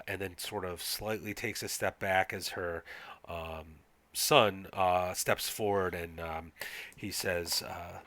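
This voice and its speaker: A man's voice: sits low, bright, forceful tone, no echo. A man narrating a tabletop game as game master, hesitant and full of fillers. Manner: hesitant, many fillers, reads aloud.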